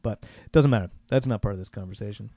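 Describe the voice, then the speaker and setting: A man's voice: fairly low pitch, fast, dark tone, no echo. A man co-hosting a board game podcast, talking loosely and trailing off with lots of fillers. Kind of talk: casual chat.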